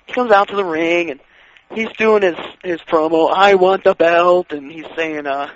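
A man in casual chat, excitedly telling wrestling stories and acting out what others said. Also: a little high, normal speed. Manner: excitable, acts out quoted voices, laughs while telling. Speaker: wrestling fan guest. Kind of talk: casual chat, animated storytelling. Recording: dull lo-fi radio sound.

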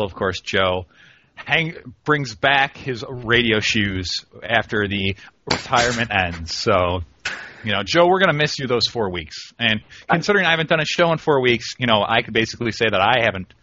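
A man's voice: mid-range voice, expressive, moderate pace, sharp tone, dull audio. A man co-hosting a radio talk show in casual banter, rambling and breaking into mock lectures.

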